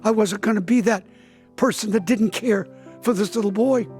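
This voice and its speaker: Over soft background music, a high-pitched, slightly mellow male voice proceeds at a moderate pace. The speaker is a pastor in his seventies giving interview testimony, vividly telling a dramatic story and loudly performing the voices of its people.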